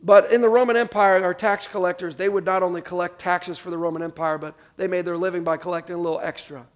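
A man's voice: sits high, fast. A man preaching a sermon, reading scripture aloud and asking the congregation to repeat words back to him. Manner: animated, call-and-response with congregation. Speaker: pastor.

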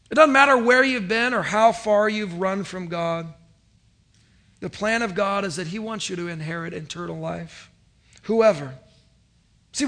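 Bright-voiced, high-pitched male pastor preaching. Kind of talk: sermon.

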